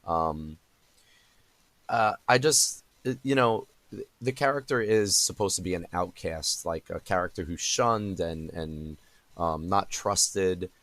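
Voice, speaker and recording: A man's voice: deep voice, slow, a bit bright, dry recording. A young adult man hosting a podcast in casual conversation, rambling with many fillers and restarts. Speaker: podcast host.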